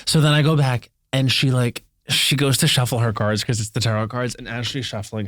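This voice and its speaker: A man's voice: mid-range voice, brisk, few pauses, no room sound, clean studio sound. A man co-hosting a chat podcast, retelling stories dramatically. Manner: dramatic, expressive storyteller. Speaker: podcast co-host. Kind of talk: casual chat.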